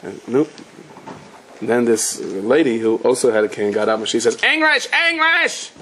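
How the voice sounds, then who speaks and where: Rabbi storytelling through a Torah class. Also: male voice, fairly even intonation, moderate pace, darkish tone, slight background noise, poor audio. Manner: conversational storyteller, rises in pitch when driving a point home; drops Hebrew and Yiddish terms into English talk. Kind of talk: Torah lecture told through stories.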